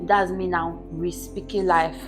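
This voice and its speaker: Earnest woman in a relaxed interview. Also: on the low side, unhurried, over music. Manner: earnest, keeps checking in with "do you understand?". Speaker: podcast guest. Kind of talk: casual interview storytelling.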